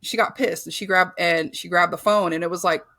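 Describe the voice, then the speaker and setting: A woman's voice: fairly low pitch, steady tone, a little fast, bright, forceful tone. A woman guest on a podcast, telling a painful personal story candidly and bluntly, with frequent swearing and filler words.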